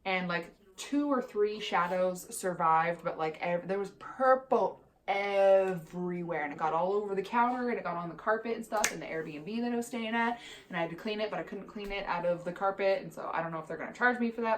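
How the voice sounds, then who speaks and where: A woman's voice: mid-range voice, fairly quick. A young woman vlogger telling a casual storytime, candid and exasperated, with plenty of swearing.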